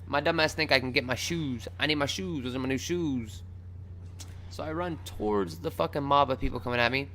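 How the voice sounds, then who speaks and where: A young man casually telling a wild personal story on his vlog, swearing freely, rambling, and acting out his own shouts. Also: mid-range voice, fairly quick, slight background noise. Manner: loose and profane, acts out his own shouts.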